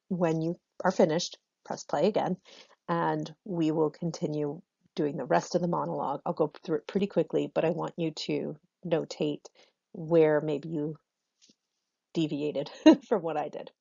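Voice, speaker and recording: A woman's dark, gravelly voice teaches a drama lesson in a chatty, self-correcting way, laughing often. The recording is dry and dull. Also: low-pitched, flat delivery, a little slow, no room sound.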